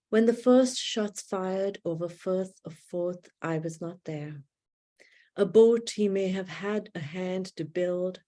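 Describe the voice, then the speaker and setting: A woman reading her own poetry aloud in measured, deliberate phrases with long pauses, over a livestream video call. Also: on the low side, warm tone. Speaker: poet reading her work. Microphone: video call setup.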